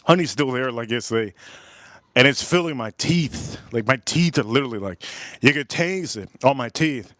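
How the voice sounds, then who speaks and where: A man's voice: mid-range voice, lively intonation, moderate pace, a bit bright, no room sound. Enthusiastic man tasting whiskey on stream. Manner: repetitive, enthusiastic, repeats phrases. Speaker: whiskey reviewer. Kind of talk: casual live-stream tasting chat.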